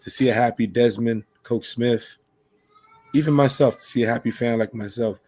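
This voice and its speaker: A man's voice: mid-range voice, normal speed, darkish tone, dry recording. A man hosting a casual sports podcast, boisterous and profane, telling dad jokes to his co-hosts. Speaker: podcast host.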